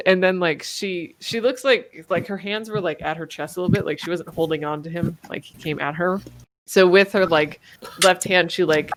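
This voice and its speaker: Woman game master, tabletop narration, rambling, somewhat low voice, dry close sound. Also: normal speed, no room sound. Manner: rambling, laughing, full of fillers.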